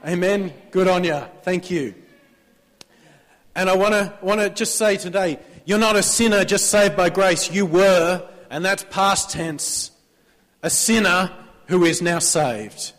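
Australian pastor preaching in a reverberant church. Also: male voice, high-pitched, a little slow, fairly bright tone. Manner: conversational preaching, prompting the congregation to answer amen. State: sore throat. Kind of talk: sermon.

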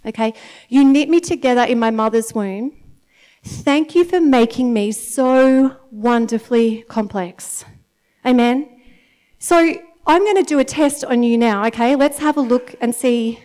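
A woman in her thirties with an Australian accent, giving a chatty, animated sermon to a congregation and often laughing. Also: fairly high pitch, unhurried. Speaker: church speaker. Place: church meeting in front of an audience.

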